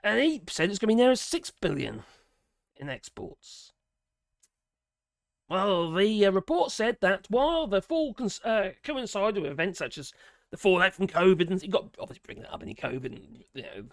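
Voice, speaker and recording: Raspy British man ranting sarcastically. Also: sits high, sing-song, normal speed, no echo, clean studio sound. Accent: British English. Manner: sarcastic, exasperated, swears freely. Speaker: political commentator. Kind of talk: casual ranting commentary.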